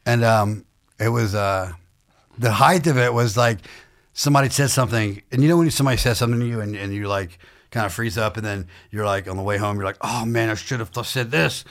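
Male comedian from the southern US, low voice, rambling self-interrupting storyteller for a chat podcast. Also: a little fast. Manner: rambling, self-interrupting, laughs while telling stories. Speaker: stand-up comedian, podcast guest.

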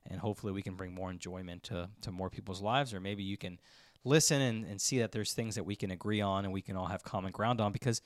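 A man's voice: low voice, fast talker, dry recording, studio quality. A man co-hosting a podcast, running through housekeeping in an easygoing, casual way. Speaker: podcast co-host.

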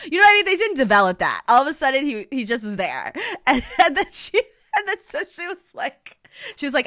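A woman's voice: medium pitch, moderate pace, no room sound, studio quality. A woman co-hosting a podcast in casual chat, retelling scenes with lots of animation and frequent laughter. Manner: animated storytelling, acts out characters' lines, laughs often. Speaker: podcast co-host.

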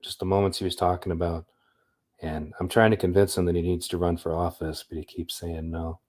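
A man's voice: low voice, little pitch movement, brisk, a little mellow. A man hosting a livestream in a rambling, upbeat, chatty way. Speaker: livestream host. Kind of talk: casual livestream chat.

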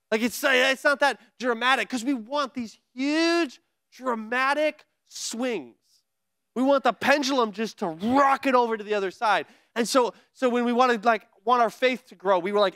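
A male pastor preaching a sermon in an energetic, conversational way, with playful asides. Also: very high voice, normal speed, no room sound, studio quality.

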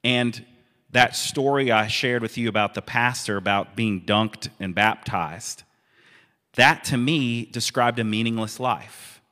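A man preaching a sermon in a relaxed, conversational way, with amused asides. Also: medium pitch, unhurried. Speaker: pastor. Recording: long reverb of a hall.

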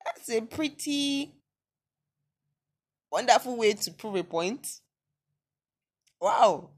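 A woman's voice: a little high, slow. A young woman with a Nigerian accent hosting a casual solo podcast, reading listener messages and reacting with disbelief and laughter. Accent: Nigerian, Yoruba-inflected. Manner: animated, incredulous reactions with frequent laughter and exclamations. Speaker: podcast host.

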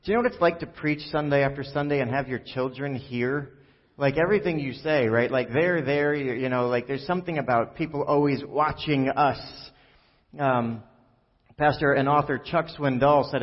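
A mid-range voice at a moderate pace belongs to a pastor preaching a loose, joking sermon peppered with fillers and side remarks. The sound rings through a large reverberant church hall, and the audio comes across dull and muffled.

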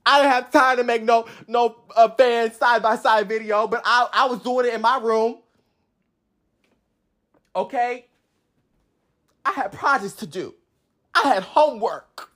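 Pitched on the high side with a fairly bright tone, a young adult woman delivers a comedic rant to camera. She's a feisty, combative fan bragging in profane terms that nobody outranks her as top fan.

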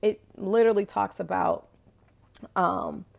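Enthusiastic woman with heavy vocal fry. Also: medium pitch, fairly even intonation, unhurried. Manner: enthusiastic, emphatic and repetitive. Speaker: podcast host. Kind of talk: motivational monologue.

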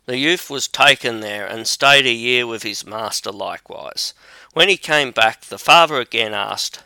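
A man reading a fairy tale aloud as an audiobook narrator, measured and deliberate, on a close mic. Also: medium pitch, pushed and bright, clean tone, no room sound. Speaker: audiobook reader. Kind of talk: scripted storybook narration.

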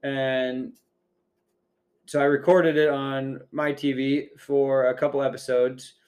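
A man's voice: medium pitch, flat delivery, slow, a little mellow. A man co-hosting a podcast, chatting casually and rambling through a story with many fillers. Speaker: podcast co-host.

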